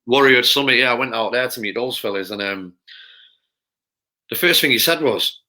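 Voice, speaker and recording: A man's voice: medium pitch, normal speed, pushed and bright. A man, a podcast guest and personal trainer, telling his story in a rambling way, repeating words and acting out the things people said. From Manchester, England. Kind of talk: candid storytelling.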